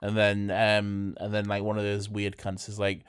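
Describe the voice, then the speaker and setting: Brief: low-pitched podcast co-host, dry and sardonic in casual chat. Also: male voice, normal speed, clear, resonant tone. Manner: sardonic, deadpan jokes.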